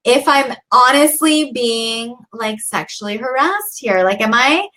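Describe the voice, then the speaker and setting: A woman co-host tells a long story in loose, chatty conversation, sprinkling in likes and you knows. Her voice sits a little high and rings bright and forward. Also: animated, a little slow. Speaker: podcast co-host. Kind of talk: casual chat.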